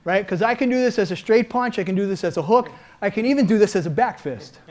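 Older male martial arts coach, high-pitched and energetic, punctuating the lesson with shouted sound effects. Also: quick pace. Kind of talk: hands-on seminar teaching.

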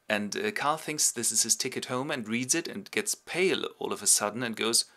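A man's voice: on the low side, animated, moderate pace, few pauses, bright, forceful tone. A man narrating a comic summary of a classic play, with wry ironic asides. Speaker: host and narrator.

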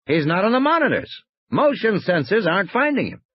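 A tense engineer in a control room reports in short, hurried bursts, played by a male audiobook reader. His voice rises high with strain. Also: very animated, slightly rough, no room sound, highs cut off, full character voice. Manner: clipped, hurried. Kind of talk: audiobook character voice.

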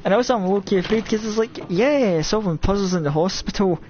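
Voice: mid-range voice, fairly quick, a little mellow, muffled recording, slight background noise. Rambling Scottish game streamer. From Scotland. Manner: rambling and self-mocking, jumpy with nervous exclamations. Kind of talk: live gameplay commentary.

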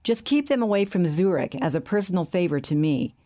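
A woman reading a stocky banker who cracks dry jokes even when things look bad. The voice is fairly low and unhurried. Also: lightly acted. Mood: wry. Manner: wry, quipping. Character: stocky male Swiss banker, joking.

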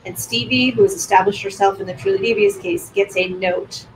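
A woman's voice: medium pitch, fairly even intonation, a little fast, a little hiss or hum, poor audio. A woman author answering interview questions in a thoughtful, explanatory way. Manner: thoughtful, explains at length with some restarts. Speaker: author guest.

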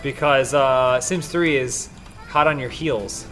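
A man hosting a casual let's-play, cracking sarcastic, deadpan jokes as he plays. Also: mid-range voice, slow, music in the background. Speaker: gaming show host.

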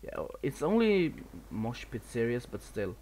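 A man's voice: mid-range voice, sing-song, measured pace, a little mellow, a little hiss or hum. A man from Sweden with a Swedish accent, giving casual live commentary over a video game while he plays, a bit nervous, swearing and laughing at himself. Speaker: gameplay commentator.

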